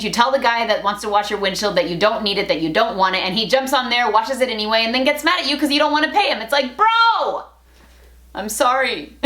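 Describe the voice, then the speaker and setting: A woman's voice: on the high side, a bit bright. Playful, chatty woman vlogger. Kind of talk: casual talk to camera. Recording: roomy echo.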